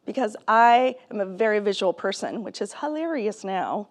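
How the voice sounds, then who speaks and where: A woman speaker telling her personal story to a live audience in a conversational, animated way, laughing often. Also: medium pitch, brisk, few pauses. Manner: conversational, with many fillers and restarts. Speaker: keynote speaker and author.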